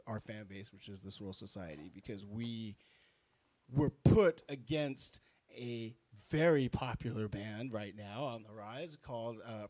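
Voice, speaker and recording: A band member chatting in an interview, telling stories with lots of restarts. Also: male voice, lowish voice, darkish tone. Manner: rambling storyteller with restarts. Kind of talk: casual interview talk.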